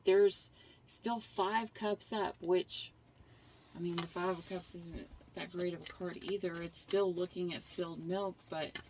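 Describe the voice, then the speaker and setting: A woman's voice: fairly low pitch, steady tone, measured pace, background noise. A middle-aged woman giving a tarot reading, explaining the cards earnestly in a rambling, casual way with frequent restarts. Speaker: tarot reader.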